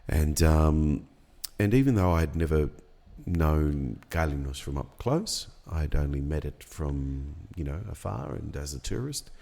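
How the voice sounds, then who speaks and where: A middle-aged man, telling a personal story in a casual podcast chat, unhurried and reflective with many pauses and ums. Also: a bass voice, animated, vocal fry, mellow. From Australia. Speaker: podcast guest.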